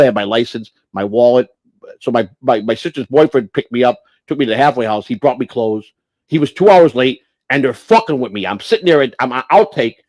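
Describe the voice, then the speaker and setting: Fast-talking profane man telling stories. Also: medium pitch, no room sound. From Chicago. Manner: profane, rambling, acts out quoted voices. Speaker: livestream host. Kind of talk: casual storytelling.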